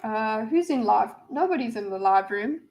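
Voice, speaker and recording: A woman's voice: on the high side, expressive, moderate pace, a little mellow, muffled recording. A woman hosting a casual livestream, rambling and reading viewers' messages aloud with lots of fillers and restarts. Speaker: livestream host.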